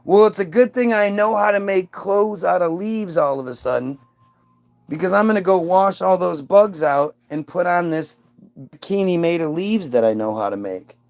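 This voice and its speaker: A man voicing a bratty, newly clever first woman with a high, sassy, exasperated delivery. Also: moderate pace, vocal fry, a little mellow.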